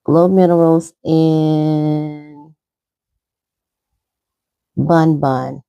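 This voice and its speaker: A middle-aged makeup vlogger talks while applying her makeup, rambling chattily in a casual tutorial. She has a low, gravelly yet smooth and warm voice, a steady tone and drawn-out words. The sound is lo-fi, without echo.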